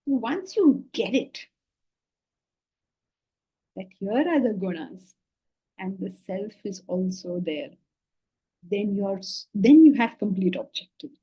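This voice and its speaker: A woman from India, teaching a spiritual class on scripture in an animated, questioning way. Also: medium pitch, slow pace, pauses often, slightly rough, poor audio. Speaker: Vedanta teacher.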